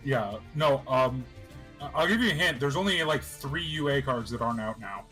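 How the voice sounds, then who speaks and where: A man's voice: medium pitch, expressive, moderate pace, pushed and bright, soft background music. A man co-hosting a casual gaming podcast, playful and eager to stir things up. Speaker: podcast co-host.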